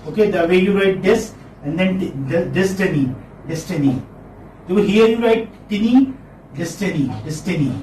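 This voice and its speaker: A man lecturing a class on phonetics, repeating words slowly and checking in with students with a questioning "hmm?". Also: high voice, darkish tone, far from the mic. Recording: echoey room, mic from afar, faint noise.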